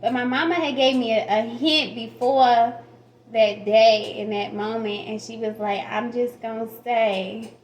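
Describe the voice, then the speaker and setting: A woman's voice: a little high, steady tone, a little slow. A woman telling a personal story to camera in a casual, frank and profane way, laughing often. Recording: roomy echo.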